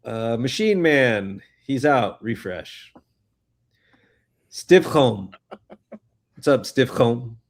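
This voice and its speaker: A man's voice: mid-range voice, expressive, drawn-out words, long pauses. Joking, loose-talking male livestream host. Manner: loose, joking, swears often. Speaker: livestream host reading chat. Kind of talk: casual chat.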